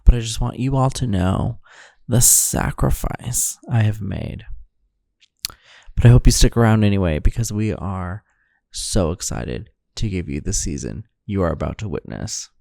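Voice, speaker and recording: Man, podcast host, deadpan rambling, sleepy, dry close sound. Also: lowish voice, measured pace, creaky, dry recording. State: sleepy early morning. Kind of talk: solo intro monologue.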